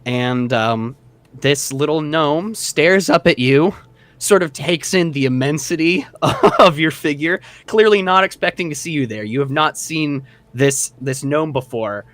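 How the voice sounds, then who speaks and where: A man's voice: on the high side, a little slow, no echo. Chatty young man narrating a game. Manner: relaxed storytelling with fillers. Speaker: dungeon master.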